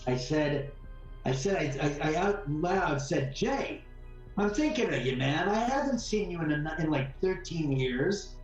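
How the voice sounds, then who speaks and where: A man talks in a rambling, animated way, repeating words and tossing in mild curses. He sounds set back from the mic in a very echoey room, with faint music behind him. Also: fairly high pitch, measured pace, far from the mic. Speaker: homeowner guest. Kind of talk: casual storytelling interview.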